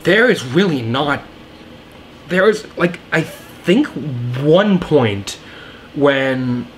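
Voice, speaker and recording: A man's voice: a little high, slight background noise. A young man giving a casual, rambling film review, enthusiastic and full of fillers and restarts. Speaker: movie reviewer.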